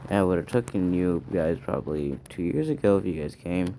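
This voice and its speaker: A man voicing a kind, weary teenage orphan boy with wolf powers, speaking in a subdued, flat way. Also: low voice, normal speed, noisy background.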